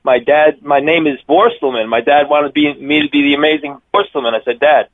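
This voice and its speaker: A man in his fifties with a strong Long Island accent, calling in to a radio interview. His voice sits a bit high for a man and comes across energetic and rambling. The sound is tinny and dry, like a phone line. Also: a little fast, dry recording. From Long Island, New York. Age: 50s. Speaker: circus daredevil guest.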